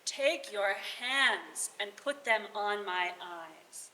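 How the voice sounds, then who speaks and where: Woman doing kind giant red sea snake, slow gentle lines, bright voice, roomy hall. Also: mid-range voice, animated, voice pushed down, exaggerated voice.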